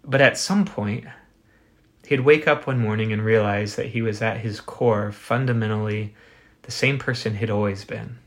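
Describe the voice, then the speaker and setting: A man preaching a sermon as pastor, earnest, building his points with rhetorical questions and slowing for emphasis. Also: on the low side, fairly even intonation.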